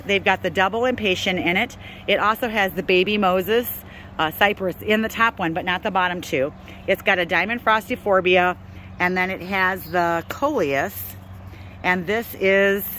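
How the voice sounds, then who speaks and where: A woman's voice: lowish voice, slight background noise. Chatty woman touring her garden outdoors. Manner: relaxed, chatty, lists plant names. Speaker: gardening channel host. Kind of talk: casual garden tour vlog. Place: outdoors in a home garden and porch.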